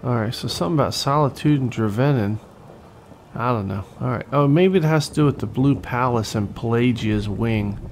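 A gravelly-voiced man gives casual, excitable commentary while he plays, cursing and taunting the enemies. Faint game music sits behind him. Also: mid-range voice, normal speed. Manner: excitable, swearing, talks to enemies. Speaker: let's play host.

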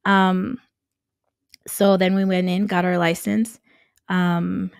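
A woman who grew up in Nicaragua, telling her story as a podcast guest, animated and laughing often as she acts out quoted dialogue. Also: on the low side, takes it slowly, vocal fry, dry recording, studio quality. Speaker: guest, construction entrepreneur. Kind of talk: casual storytelling interview.

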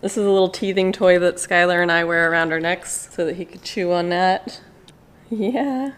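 A woman's voice: fairly low pitch, moderate pace. A woman hosting a casual vlog at an animal park, chatting bubbly to the camera and cooing and squealing at baby animals.

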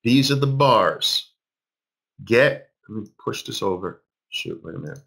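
An emphatic man in his fifties leads a live trading class, his pitch swinging up and down. His voice has a husky edge. He repeats phrases and fires questions at his listeners. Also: expressive, unhurried, a bit bright. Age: 50s. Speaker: trading instructor.

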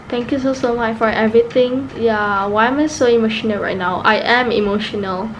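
A woman's voice: fairly high pitch, a little fast, a little hiss or hum, low-quality recording. A teenage woman with a Malaysian accent talking to camera in a casual vlog, emotional and switching between English and Malay. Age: teens. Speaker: vlogger.

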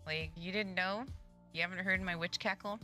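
A woman live-streaming a game, chatting casually and cracking crude jokes with frequent giggles. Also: fairly low pitch. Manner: giggly, crude joking, laughs often. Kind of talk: casual live-stream chat while gaming.

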